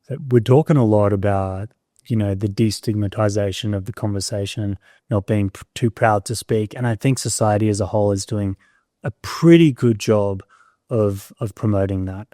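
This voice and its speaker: A man hosts a podcast and puts careful, thoughtful questions to his guest. His voice sits low with a mellow tone. The recording is dry and close. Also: moderate pace, no echo. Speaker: podcast host. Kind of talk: interview questions.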